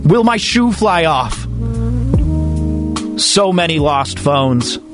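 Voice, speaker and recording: A man's voice: fairly high pitch, slow, music in the background. A man hosting a sports radio show, talking in a comic, mock-dramatic way. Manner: animated, mock-dramatic, comic slam-poetry delivery.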